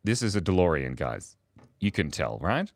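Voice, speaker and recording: A man's voice: low voice, sing-song, moderate pace, gravelly, dry recording, clean studio sound. An Australian man chatting casually on a drawing livestream, playful and reading out viewer comments. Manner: playful, reads viewer comments aloud, laughs often. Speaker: livestream artist.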